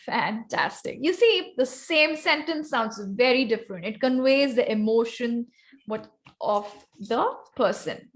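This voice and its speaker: The woman's voice is a little high and expressive, and her delivery runs a bit slow; her accent is Indian. She is guest-teaching vocal variety in an online club workshop on speaking skills, calling volunteers forward by name.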